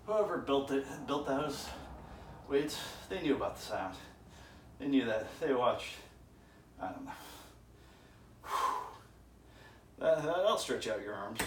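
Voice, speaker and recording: A man's voice: medium pitch, lively intonation, measured pace, long pauses. Guy vlogging his workout at the gym, rambly, kinda far from the mic, echoey room, bit of background hum. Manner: rambling, musing aloud between sets. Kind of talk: casual workout vlog.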